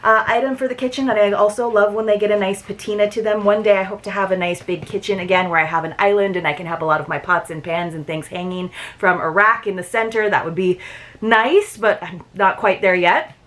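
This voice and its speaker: A woman's voice: mid-range voice, fairly even intonation, a little fast, fairly bright tone. A woman chatting casually to viewers as she unboxes and admires items at her desk, thinking aloud as she goes. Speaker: subscription box reviewer. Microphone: desk setup.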